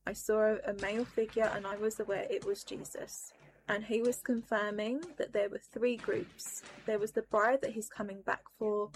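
A woman's voice: medium pitch, flat delivery, normal speed, a little hiss or hum. Earnest woman sharing a dream testimony. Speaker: testimony giver. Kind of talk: personal testimony.

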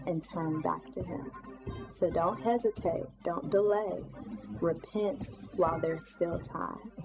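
A woman's voice: lowish voice, low-quality recording. A woman narrating a scripted religious message, earnest and urging listeners to repent. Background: music.

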